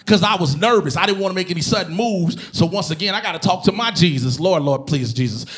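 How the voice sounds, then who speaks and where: A man performing a stand-up comedy routine on stage, telling animated, profane stories and bursting into shouted impressions. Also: high-pitched, quick pace. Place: comedy stage before a live audience.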